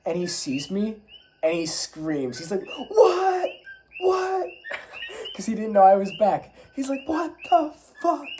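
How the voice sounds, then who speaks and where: A young man recounting his travels in a loose, animated way, swearing freely and drifting into spiritual talk. His voice sits at an ordinary middle pitch, with faint noise behind him. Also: rough recording. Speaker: travel vlogger. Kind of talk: casual storytelling monologue.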